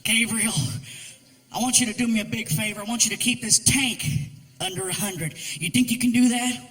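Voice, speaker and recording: A man playing a seasoned, middle-aged male traffic cop with a gruff, drawling, authoritative manner in a stand-up bit, in a reverberant live hall with faint music. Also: extremely high pitch, steady tone, a little fast, a bit bright. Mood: friendly. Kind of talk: stand-up act-out.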